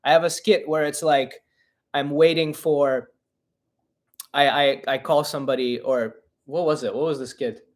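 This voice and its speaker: A man's voice: a little high, fairly even intonation, a little slow. A young man with a Russian-Ukrainian family background hosts a casual live-stream Q&A, answering questions in a blunt, profane, mock-indignant way. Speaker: podcast host and comedian.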